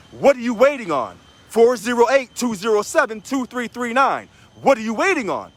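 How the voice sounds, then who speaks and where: Man from Missouri, union president, emphatic repetition, lively swooping voice, high. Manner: emphatic, repeats key phrases. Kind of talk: energetic video address to union members.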